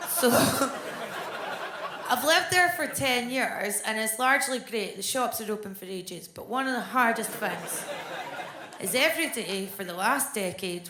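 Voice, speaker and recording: A woman in her thirties with a Scottish accent, doing a blunt, deadpan stand-up comedy set on a club stage. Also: medium pitch. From Scotland. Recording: echoey club with crowd noise.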